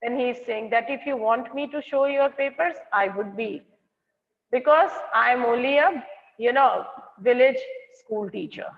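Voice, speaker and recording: A woman's voice: a little high, normal speed, vocal fry, in a large hall, muffled recording. Indian woman teacher on an online class. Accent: Indian English. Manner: explains words and checks if students hear her. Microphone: online class call.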